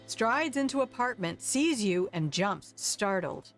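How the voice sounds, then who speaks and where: An older woman streaming a game, reading its text aloud and putting on animated character voices. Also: mid-range voice, unhurried, hardly any pauses. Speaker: streamer playing a visual novel game.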